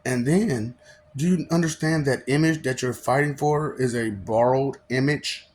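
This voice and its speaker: A man's voice: mid-range voice, a little slow, darkish tone. A man delivering a rambling, preachy monologue to viewers, often laughing and firing off mocking rhetorical questions, sometimes stumbling over his words. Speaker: self-proclaimed god addressing viewers.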